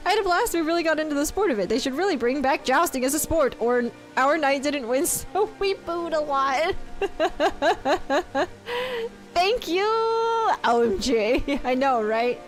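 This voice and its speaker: A woman's voice: high voice, animated, unhurried, soft background music. A woman streaming a game, chatting casually and giggling as she reads chat aloud.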